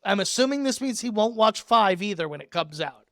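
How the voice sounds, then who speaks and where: Young male podcast co-host, loud and animated, laughs often, dry close mic. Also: sits high, a little fast, no room sound. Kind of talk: casual chat.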